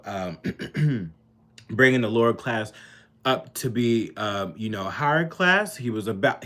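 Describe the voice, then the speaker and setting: A man's voice: mid-range voice, a bit bright. Heated, profane political ranter, man. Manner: heated, profane ranting with repetitions and fillers. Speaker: political vlogger. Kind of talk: unscripted political commentary.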